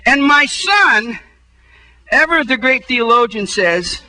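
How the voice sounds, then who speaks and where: A man pastor telling a funny story in a sermon, animated, and his voice jumps up when he acts out his frustration. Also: extremely high pitch, takes it slowly, poor audio.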